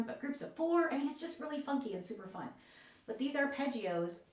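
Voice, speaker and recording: A woman's voice: mid-range voice, a little mellow. Woman oboe teacher in an echoey room. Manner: encouraging, explanatory, with light laughs. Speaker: oboe professor. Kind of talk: music lesson demonstration.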